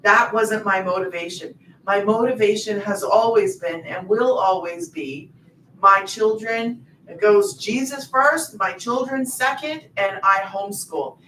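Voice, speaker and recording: A woman's voice: mid-range voice, unhurried, fairly bright tone, recorded from a distance, a little hiss or hum. A middle-aged woman hosting a casual livestream about her online business, talking in a rambling, emphatic way. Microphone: phone. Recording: roomy sound, off-mic.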